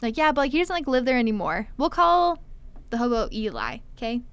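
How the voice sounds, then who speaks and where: A young woman telling a story in casual chat, animated, acting out quotes and saying "like" a lot. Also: on the high side, brisk, clean tone, no echo. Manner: animated, acts out quotes, heavy filler "like". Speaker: storyteller guest.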